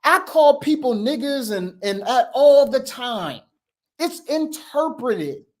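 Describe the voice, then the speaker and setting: A man's voice: extremely high pitch, big pitch swings, takes it slowly, a little mellow. A man hosting a heated debate, insistent and emphatic, repeating his points and talking over the other speaker. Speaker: show host.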